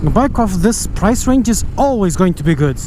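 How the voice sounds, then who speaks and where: A man's voice: high voice, sing-song, normal speed, darkish tone, slight background noise. A man giving a casual spoken motorcycle review, thinking aloud with restarts, sighs and jokes. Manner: enthusiastic, jokey. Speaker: motorcycle vlogger.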